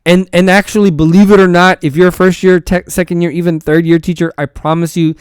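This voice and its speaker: Teacher guy rambling thru a story on his podcast, kinda high voice, lots of restarts. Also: level tone, brisk, clean tone, dry recording, studio quality. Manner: rambling storytelling with repeated false starts. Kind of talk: casual podcast monologue.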